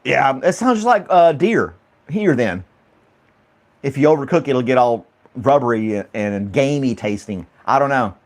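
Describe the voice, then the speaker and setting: A man's voice: mid-range voice, animated, moderate pace. A man hosting a casual chat stream, laughing often and rambling through questions to his viewers. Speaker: livestream host reading chat.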